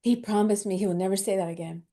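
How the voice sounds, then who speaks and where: A woman's voice: mid-range voice, fairly even intonation, quick pace, mellow. A woman host telling a heartfelt personal story in an emotional, tearful way, often laughing as she talks.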